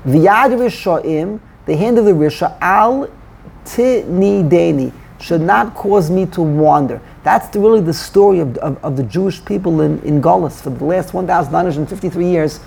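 A man's voice: high voice, vocal fry, dark tone, a little hiss or hum. A man teaching a Torah study class, explaining verses and mixing Hebrew terms into his English.

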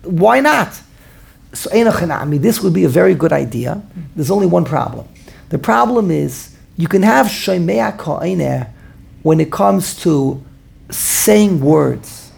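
A man's voice: on the high side, animated, unhurried, gravelly, darkish tone, breathy edge. A man teaching a Talmudic lecture as a rabbi, thinking aloud, repeating words as he works through the argument and using many Hebrew terms.

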